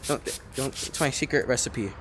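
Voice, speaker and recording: A man giving let's-play commentary, rambling and excitable, swearing often and talking to himself as he plays. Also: medium pitch, normal speed, noisy background. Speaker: gamer playing a cooking game.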